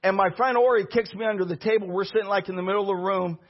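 A middle-aged man preaching a storytelling sermon as pastor, animated and bursting into shouts. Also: high voice, rapid-fire. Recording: dull lo-fi recording.

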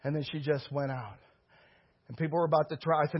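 Husky-voiced man preaching urgently. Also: fairly high pitch, fairly even intonation, fast. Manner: urgent, repetitive exhortation. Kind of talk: sermon with storytelling. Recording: dull lo-fi recording.

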